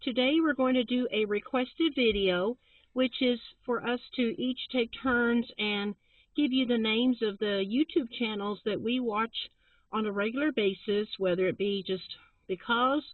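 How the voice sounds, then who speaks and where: A chatty, friendly middle-aged woman co-hosting a casual talk, her voice pitched fairly high. The sound is tinny and phone-like, with a dry, close feel. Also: a little slow, no room sound. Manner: chatty, friendly, laughs often. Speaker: channel co-host. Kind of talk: casual chat recommending channels.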